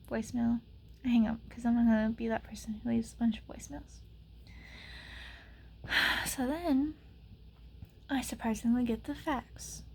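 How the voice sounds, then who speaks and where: A young adult woman vlogging, telling a frustrating story in a sarcastic, exasperated way with many "like" fillers and sometimes dropping to a soft whisper. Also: a little high, creaky, slight background noise. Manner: drops to soft whispers at times. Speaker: ASMR channel vlogger. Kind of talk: casual storytelling rant.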